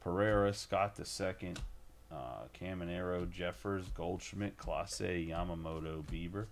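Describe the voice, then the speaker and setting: A man's voice: low-pitched, unhurried, a little hiss or hum. A man hosting a live card break, rattling off player names with joking asides in casual stream chat.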